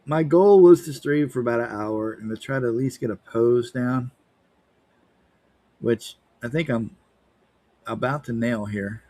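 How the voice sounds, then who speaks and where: A man's voice: medium pitch, unhurried, long pauses, warm tone, no room sound. A man chatting on a live art stream, rambling and joking playfully. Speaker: livestreaming artist. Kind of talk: casual stream chat.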